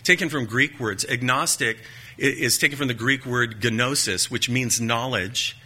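Emphatic preacher with a husky edge. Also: male voice, medium pitch, pushed and bright. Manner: measured, emphatic delivery with rhetorical questions; folksy asides and light joking. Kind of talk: sermon teaching.

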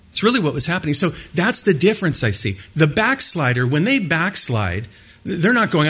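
A man preaching a sermon in a middle-pitched voice. He speaks emphatically and keeps putting questions to his listeners, as a pastor does from the pulpit. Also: a bit bright. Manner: asks the audience questions, emphatic.

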